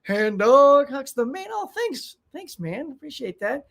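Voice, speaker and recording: A man hosting a casual live stream from home, chatting excitedly and greeting viewers by name. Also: very high voice, unhurried, gravelly, a little hiss or hum. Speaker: channel host. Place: home room.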